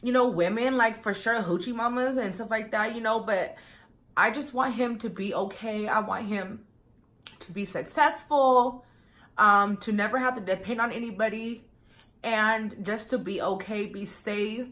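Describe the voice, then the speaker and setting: A woman's voice: a little high, unhurried, fairly bright tone. A young woman vlogger chatting casually to her viewers, full of fillers and often calling them you guys. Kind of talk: casual get-to-know-me chat.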